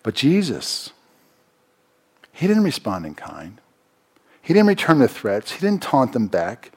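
A man's voice: huge pitch swings, measured pace, breathy edge. Man preaching with big swings in volume. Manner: dynamic preaching, swinging from loud emphasis to quiet low asides; repeats phrases for emphasis. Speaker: pastor. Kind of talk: sermon.

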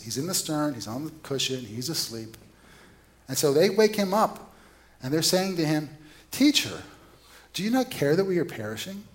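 Male preacher, conversational sermon, storyteller who questions his listeners. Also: medium pitch.

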